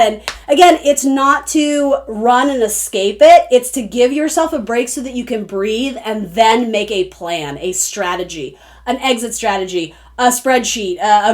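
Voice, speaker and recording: A young adult woman giving a casual, rambling tarot reading, often breaking off and restarting her sentences. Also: on the high side. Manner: rambling, chatty, self-interrupting. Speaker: tarot reader.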